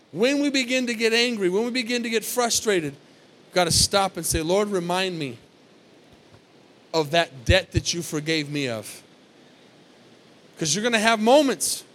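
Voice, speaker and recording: A man's voice: high-pitched, fairly bright tone. A man preaching a sermon as pastor in a church, repeating phrases and asking the congregation "Amen?".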